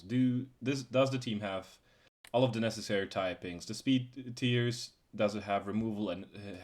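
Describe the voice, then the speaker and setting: A man's voice: on the low side, a little mellow. A young man hosting a casual podcast, laid-back and swearing now and then as he explains how things work. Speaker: podcast host.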